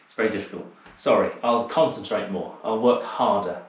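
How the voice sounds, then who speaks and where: A man's voice: lowish voice, a little fast, recorded from a distance. A man teaching a dance class over a video call, calling out steps and chatting with a teasing manner. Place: home room on a video call. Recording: very echoey room.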